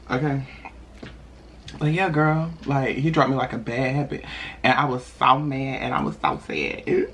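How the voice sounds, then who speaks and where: A young man talks casually at his dinner table, spinning a personal story for his viewers while he eats. His voice sits mid-range but leaps high with sudden laughs, loose and animated. A faint hum sits under the recording. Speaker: mukbang vlogger.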